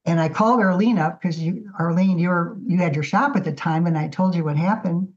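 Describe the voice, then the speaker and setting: A woman guest artist telling her story in a casual, animated interview. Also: on the low side, a little fast. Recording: dull lo-fi audio.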